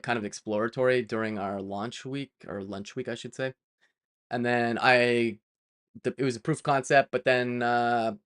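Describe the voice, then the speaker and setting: A man's voice: medium pitch, a bit bright, clear, resonant tone. A man talking casually while he codes on a live stream, rambling with lots of fillers and self-corrections and wandering off on playful side tangents. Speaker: developer live-streaming his work.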